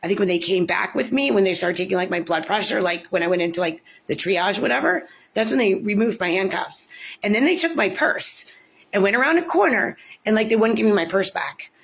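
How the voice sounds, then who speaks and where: Swearing, indignant American woman ranting. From United States. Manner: swears often, repeats "like", pitch leaps when indignant. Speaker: parent telling about her court case. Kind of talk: angry personal rant to camera.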